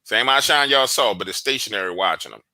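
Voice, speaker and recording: A man recounting events in casual chat, slangy and animated, cursing freely. His low-set voice has a very bright, forceful edge. The sound is dry and close. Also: fast talker, dry recording. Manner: animated storyteller, slangy, profane. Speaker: guest investigator. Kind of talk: casual podcast conversation.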